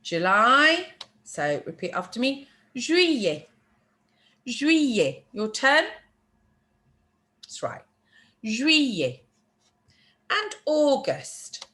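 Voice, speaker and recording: A woman teaching a language lesson, slowly modelling words for learners to repeat and explaining spelling. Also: fairly high pitch, sing-song, bright, forceful tone. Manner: slow, careful teacher modelling words for repetition. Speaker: French teacher. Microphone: screen-share narration.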